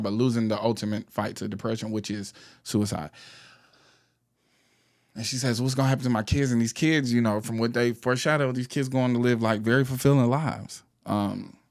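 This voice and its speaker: A man co-hosting a comedy podcast, talking casually and profanely, laughing often as he rants about a movie. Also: medium pitch. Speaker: podcast co-host.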